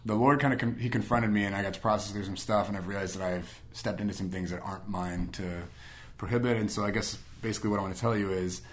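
A young man tells a story from his own life at a quick clip. His voice sits somewhat low. He acts out the back-and-forth of old conversations and scatters fillers through his talk. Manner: animated, quotes himself and others in conversation, many "like" fillers. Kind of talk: casual personal storytelling.

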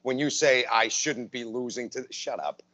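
A man's voice: mid-range voice, fairly even intonation, normal speed, sharp tone. A man co-hosting a podcast in casual chat, teasing and blunt in his banter. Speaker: podcast co-host.

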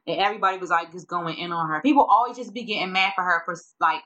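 A woman with a bright, forceful voice trades gossip on a podcast, blunt and full of profanity. She tells her stories with lots of animation. The sound is dull and lo-fi. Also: lowish voice, fast talker. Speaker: podcast co-host. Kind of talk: casual gossip chat. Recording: dull lo-fi audio.

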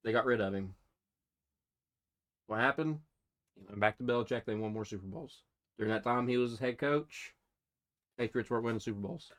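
A man's voice: medium pitch, a little fast, pauses often, fairly bright tone. Man rambling casually about football. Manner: meandering, filler-heavy, argues by asking questions. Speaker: podcast co-host. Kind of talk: casual sports chat.

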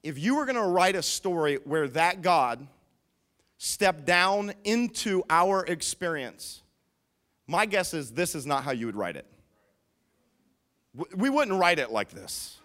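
A pastor preaching a sermon, emphatic, asking the listeners questions and swinging between hushed and loud. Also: male voice, fairly high pitch, big pitch swings, measured pace, pauses often.

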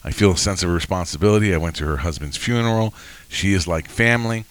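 A man in his sixties with a deep voice and quick pace hosts a casual faith podcast. He tells emotional stories in a rambling way, restarting often.

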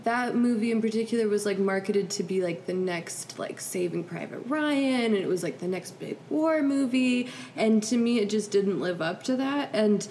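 A woman's voice: mid-range voice, moderate pace, hardly any pauses, a little mellow, a little hiss or hum. Blunt young woman, frank and casual. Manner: blunt, frank opinions with a laugh. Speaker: podcast co-host. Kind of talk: casual movie chat.

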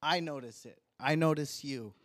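A young man in church reading a heartfelt tribute to his wife from his notes, earnest and deliberate. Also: on the high side. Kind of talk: read tribute speech in church.

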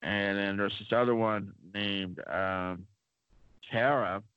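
A man's voice: fairly low pitch, steady tone, takes it slowly, clean tone, dry recording. A man co-hosting a podcast, telling rambling stories in a chatty way with lots of fillers. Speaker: podcast co-host. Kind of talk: casual podcast storytelling. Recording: dull lo-fi dry sound.

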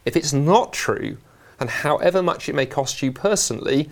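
A man with a South London accent, speaking as an interview guest in a lively, joking way with many fillers. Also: a little high, normal speed. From England. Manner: animated, jokey, many fillers. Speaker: guest, Christian scholar. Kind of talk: conversational interview.

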